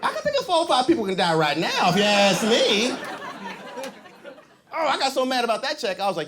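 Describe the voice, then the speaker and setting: High, lively stand-up comic man. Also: brisk. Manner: loose, profane, laughs at his own jokes and riffs with the crowd. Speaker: stand-up comedian. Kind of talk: stand-up set. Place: comedy club stage. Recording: live club taping with crowd laughter and room noise.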